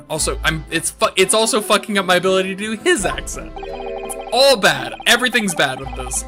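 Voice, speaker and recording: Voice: medium pitch, expressive, brisk, music in the background. A streamer in casual live-stream commentary, talking frustrated and self-deprecating, with plenty of swearing.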